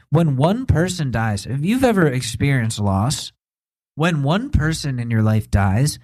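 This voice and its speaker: An American man in his thirties hosts a podcast, delivering an opinion rant full of heated, profane indignation. His medium-pitched voice has a dark tone, and the rough recording has no room sound.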